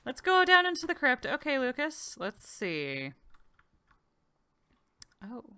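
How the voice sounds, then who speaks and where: A woman's voice: high-pitched, huge pitch swings, slow, bright, forceful tone, clear, resonant tone. A woman hosting a game video, chatting casually to the characters as she plays and sometimes dropping to a whisper for asides. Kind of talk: casual gameplay commentary.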